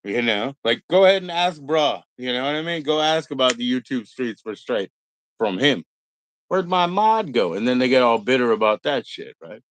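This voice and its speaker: A man's voice: medium pitch, brisk, fairly bright tone, no room sound, poor audio. A middle-aged man hosting a casual livestream, rambling and swearing, mocking other people in put-on voices. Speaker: livestream host.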